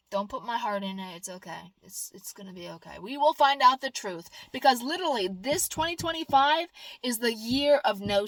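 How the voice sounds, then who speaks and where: A middle-aged woman talking straight to camera in a casual, rambling vlog, jumping from loud outbursts to soft asides. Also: fairly high pitch, dry recording, rough recording. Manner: rambling, emphatic, swings between loud exclamations and soft asides. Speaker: vlogger.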